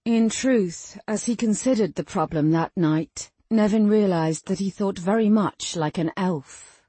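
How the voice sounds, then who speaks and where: A woman narrating a fantasy novel in an even, measured storytelling manner. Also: on the low side, slightly rough, dry recording. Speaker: audiobook narrator. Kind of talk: scripted narration.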